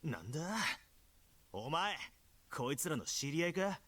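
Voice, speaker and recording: An actor voicing a rough, violent young thug in a game, snarling and shouting. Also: male voice, on the high side, very animated, a little fast, exaggerated voice. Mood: menacing. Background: game music.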